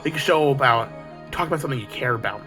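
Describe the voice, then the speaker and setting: A man's voice: mid-range voice, very fast, music in the background. Swearing man on a heated rant. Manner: heated, preachy, swears constantly. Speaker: video creator. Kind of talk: profane ranting monologue.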